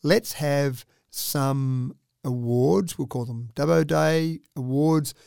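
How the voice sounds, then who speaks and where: A man talks through council plans in a radio interview. His voice has a gravelly grain, and the studio sound is close and dry. He explains at a steady pace and works through questions aloud. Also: fairly high pitch, dry recording. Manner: explanatory, measured, thinks aloud. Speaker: council representative.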